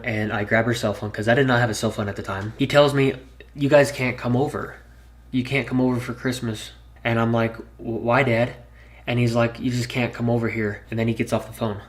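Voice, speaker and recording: A man telling a personal story in a storytime vlog, earnest and candid, plain spoken and swearing freely. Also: medium pitch. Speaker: YouTuber.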